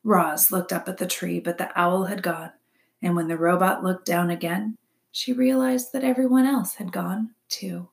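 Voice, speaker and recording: A woman teacher reading a children's novel aloud to her class, with expressive, often hushed narration. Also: lowish voice, normal speed, vocal fry. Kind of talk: read-aloud storytelling.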